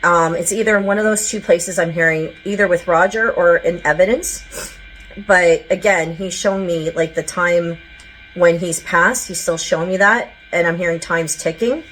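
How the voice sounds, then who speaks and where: A woman's voice: lowish voice, moderate pace, a bit bright, faint music behind, rough recording. A woman giving a casual psychic channeling reading to her viewers, chatty and rambling with lots of filler words and side notes.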